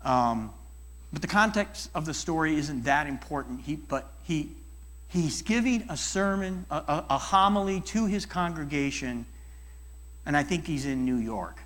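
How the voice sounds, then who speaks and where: A middle-aged man and life coach giving a church talk, animated and acting out people's voices as he tells stories. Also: a little high, measured pace. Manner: animated, acts out voices in dialogues. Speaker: guest speaker and life coach.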